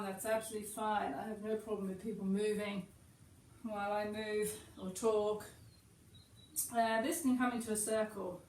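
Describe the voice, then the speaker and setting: A woman teaching a guided yoga class, talking calmly and chattily with gentle encouragement. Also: medium pitch. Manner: calm, chatty and encouraging, with soft asides. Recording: echoey room, distant mic, faint hiss.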